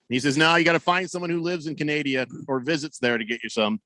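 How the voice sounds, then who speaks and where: A man's voice: a little high, a little fast, bright, forceful tone, no echo. A man hosting a sports radio show, chatting casually and reading listener messages in a rambling, wry way. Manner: rambling, self-correcting, wry. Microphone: studio broadcast mic.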